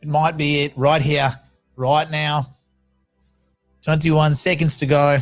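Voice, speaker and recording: A man's voice: a little high, level tone, takes it slowly, long pauses, soft background music. A man casually hosting a livestream, talking in a rambling, chatty way with frequent restarts. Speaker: livestream host.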